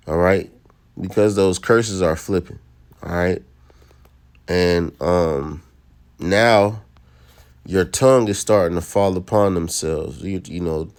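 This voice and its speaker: Deep-voiced man teaching scripture. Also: clear, resonant tone. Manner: preachy, repeats "all right?". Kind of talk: scripture lesson.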